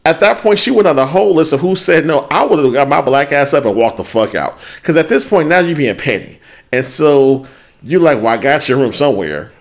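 Male podcast co-host, lively swinging pitch, cussing and ranting. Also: fairly quick, gravelly. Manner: profane, animated ranting; quotes people in put-on voices. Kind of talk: casual chat.

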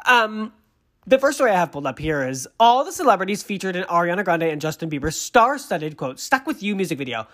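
A man's voice: high voice, very animated, a little fast, fairly bright tone. A man hosting a podcast, chatting casually and gushingly about celebrity news, rambling with frequent restarts. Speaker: podcast host.

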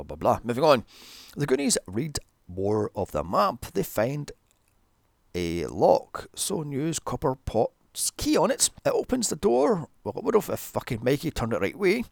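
A man's voice: medium pitch, wildly swooping pitch, normal speed, creaky, no room sound, clean studio sound. A man giving a sarcastic, profane recap of a movie, mocking it with exasperation. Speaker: movie reviewer. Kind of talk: sarcastic comedic film recap.

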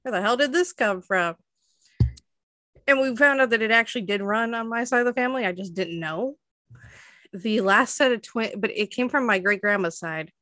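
Casting note: twenties woman, bright and dry, chatty storyteller who laughs a lot. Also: fairly high pitch, fairly quick, dry recording. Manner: chatty storytelling, laughs often, many fillers. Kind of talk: casual chat.

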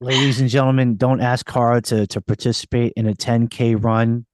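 Male podcast host, playful, stop-start phrasing, mid-pitched, dry studio sound. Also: level tone, a little mellow, dry recording. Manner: playful, halting with restarts. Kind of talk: casual interview chat. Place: recording studio.

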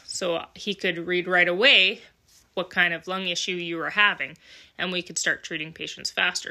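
Bright-voiced earnest woman podcaster. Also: fairly low pitch. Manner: earnest, emotional, swears casually. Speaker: podcast host. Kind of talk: candid personal monologue.

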